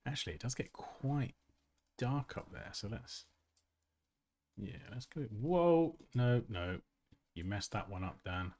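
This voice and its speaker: A man's voice: lowish voice, a little slow, pauses often, a little mellow. A man hosting a casual design tutorial livestream, chatty and self-mocking, who laughs often and reads chat comments aloud.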